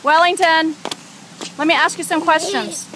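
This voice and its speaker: A woman's voice: very high voice, steady tone, measured pace, fairly bright tone, slight background noise, poor audio. A mother filming her small son in an outdoor garden, coaxing and teasing him in a playful way. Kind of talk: casual home video chat. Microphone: handheld camera mic.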